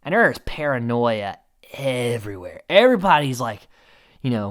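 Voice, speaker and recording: A man giving a casual, animated recap commentary, chatty and laughing often. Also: mid-range voice, normal speed. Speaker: show recap host.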